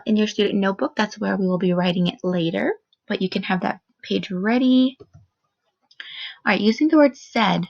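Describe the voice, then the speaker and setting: A woman teaching a first grade phonics lesson on video, speaking slowly and clearly in an encouraging teacher voice. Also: medium pitch. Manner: slow, clear, encouraging teacher talk with modeled expression. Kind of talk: recorded phonics lesson for children. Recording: dull, lo-fi sound.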